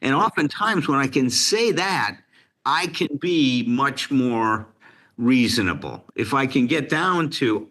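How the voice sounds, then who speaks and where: Earnest blunt man, bright tone, lively pitch, casual recovery talk. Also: a little slow. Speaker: podcast co-host.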